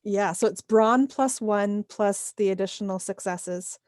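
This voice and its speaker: A woman's voice: mid-range voice, unhurried, darkish tone, dry recording. A woman game master talks players through rules and damage totals step by step, patient and methodical. Her voice sits in a mid register. The sound is dry and close, with no room around it. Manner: patient, checks numbers step by step. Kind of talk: running a tabletop game, explaining rules.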